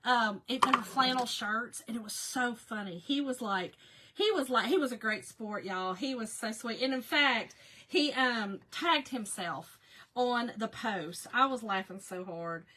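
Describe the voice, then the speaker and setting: A woman's voice: a little high, measured pace, sharp tone. A woman hosting a casual live crafting chat, talking to viewers by name and laughing often. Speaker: craft livestream host.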